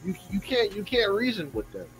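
A man holds forth on a podcast, his voice sitting high and swinging widely as he rants. His talk is profane and exasperated, and he keeps dropping into mocking voices. Faint music plays under him. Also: huge pitch swings, brisk, poor audio. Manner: profane, exasperated, mocks fans in put-on voices. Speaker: podcast co-host. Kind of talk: heated casual podcast rant.

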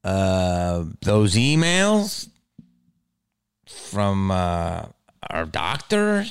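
A man hosting his own podcast, rambling in a casual, profane monologue that swings from mumbles to loud outbursts. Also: deep voice, wildly swooping pitch, very slow, gravelly, clear, resonant tone, no echo, clean studio sound. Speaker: podcast host.

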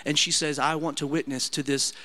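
A man's voice: on the high side, flat delivery, a little fast, bright, forceful tone. A man preaching an emotional, earnest evening sermon as pastor, lifting his voice when he quotes people. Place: church sanctuary.

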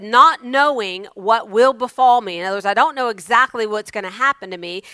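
A woman preaching a sermon, moving from loud exclamations to hushed asides. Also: fairly high pitch, clear, resonant tone, no echo.

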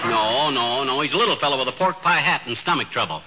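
An actor playing a brash, boastful wisecracking husband in 1940s radio comedy acting. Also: male voice, mid-range voice, lo-fi sound, close to an everyday voice. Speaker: comic lead, husband. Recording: hissy old radio recording.

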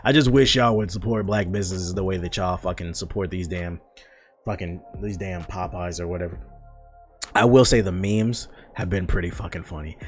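Profane rambling young man podcaster. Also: on the low side. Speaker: podcast host. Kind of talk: casual solo podcast rant.

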